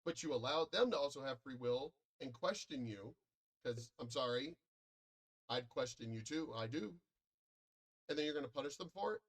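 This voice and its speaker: A man's voice: mid-range voice, expressive, normal speed. An American man in a profane, combative and boastful ranting monologue, commenting online. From United States.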